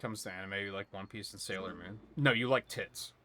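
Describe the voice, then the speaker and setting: A man's voice: lowish voice, brisk, sharp tone, slight background noise. A young man streaming a video game, chatting casually with viewers in a rambling, exasperated way. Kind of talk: casual gaming stream chat.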